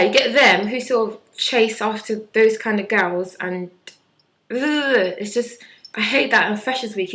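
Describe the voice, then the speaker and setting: A woman in her twenties chats sarcastically and bluntly in her casual vlog, mocking others with impressions. The recording is low quality, and her medium-pitched voice sounds fairly bright.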